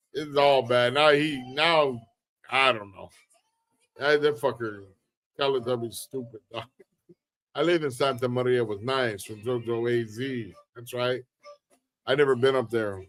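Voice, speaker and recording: A relaxed man runs a casual livestream, answering chat in a laid-back drawl packed with street slang. His voice sits at an ordinary middle pitch and stays easygoing throughout. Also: unhurried, pauses often. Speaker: livestream host reading chat.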